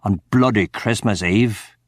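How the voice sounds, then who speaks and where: A man's voice: lowish voice, dry recording, studio quality. A man voicing a snarling bully. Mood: menacing. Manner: snarling, swearing, drawn-out threats. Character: angry unemployed husband, bullying and foul-mouthed. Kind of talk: audiobook character voice.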